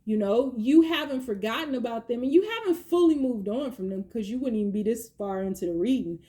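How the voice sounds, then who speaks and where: A woman giving a chatty tarot reading, slangy and playful, with quick asides. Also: a little high, expressive, warm tone. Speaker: tarot reader. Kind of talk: casual tarot reading monologue.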